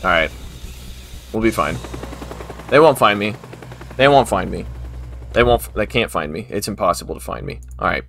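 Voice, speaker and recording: A man's voice: on the low side, expressive, moderate pace, vocal fry, long pauses, a bit bright, a little hiss or hum. A man casually commentating his own gameplay, talking to the game and breaking into exasperated outbursts. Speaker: gaming video host.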